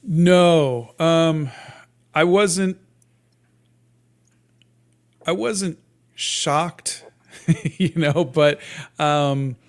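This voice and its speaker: A man in his fifties, a guest cartoonist talking casually in an interview, in a soft, sleepy-sounding voice with many halting restarts and fillers. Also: fairly high pitch. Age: 50s.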